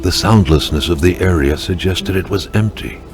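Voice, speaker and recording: A man voicing the narrator of a video game, reading scripted lines in a measured, wry way. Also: music in the background. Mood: dry. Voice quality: deep, gravelly, measured. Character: gravelly male game narrator, dry and wry.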